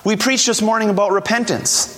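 A man's voice: sits high, fairly even intonation, fairly quick, fairly bright tone, long reverb tail. A man preaching a sermon, emphatic and repeating key words, dropping his voice to quote scripture.

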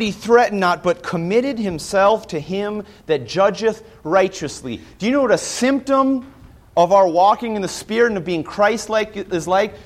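An earnest male preacher with a fairly high voice delivers a sermon. He leans on rhetorical questions and reads scripture aloud with steady conviction.

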